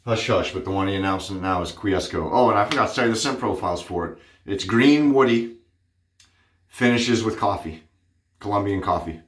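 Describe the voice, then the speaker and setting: A man's voice: lowish voice, normal speed, fairly bright tone, reverberant. A man chatting casually through a shaving vlog, rambling with plenty of fillers and a little out of breath. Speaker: wet shaving vlogger.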